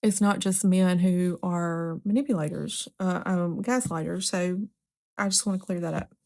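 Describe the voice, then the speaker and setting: A woman's voice: fairly low pitch, fairly even intonation, normal speed, a little mellow. A woman hosting a podcast, talking candidly in a casual, conversational way with frequent ums and asides. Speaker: podcast host. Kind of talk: casual solo podcast talk.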